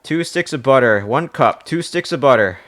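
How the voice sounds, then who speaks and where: A man's voice: medium pitch, animated, normal speed, a bit bright. Winded man rambling while cooking on stream. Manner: rambling, swears often, reads recipe aloud. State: out of breath. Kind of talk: casual live-stream chat while cooking.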